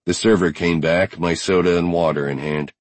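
Low husky guy reading a novel aloud, measured, dry close mic. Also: fairly even intonation, dry recording. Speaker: audiobook narrator. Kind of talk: first-person audiobook narration.

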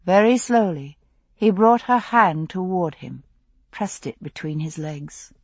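A woman narrating a novel in an intimate, unhurried storytelling voice on a close studio mic. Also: lowish voice, animated, no echo. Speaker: audiobook narrator. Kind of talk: scripted narration.

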